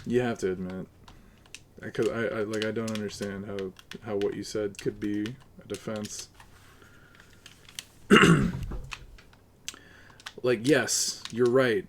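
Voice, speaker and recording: A man's voice: on the low side, fairly even intonation, takes it slowly, long pauses, a little hiss or hum. A man livestreaming, ranting to his chat in a profane, argumentative and sarcastic way. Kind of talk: casual live-stream rant to chat.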